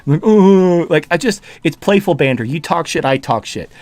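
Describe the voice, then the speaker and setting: A man's voice: a little high, animated, a little fast, no room sound. A man hosting a podcast, ranting in a heated, profane, mocking way. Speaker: podcast host.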